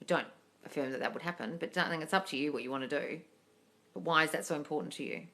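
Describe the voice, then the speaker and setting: A woman's voice: low voice, fast talker. A woman hosting a casual live-stream Q&A, reading out viewers' questions and answering them bluntly, with lots of swearing and "darling". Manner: blunt and sweary, calls listeners darling, scolds then softens. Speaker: manifesting coach answering live chat questions. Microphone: phone on a live stream.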